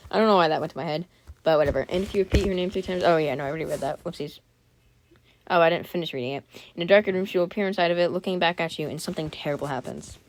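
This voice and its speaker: A woman reading a scary story aloud for her channel, often stopping to joke, comment and apologize before going on. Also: fairly low pitch. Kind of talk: casual read-aloud with chatty asides.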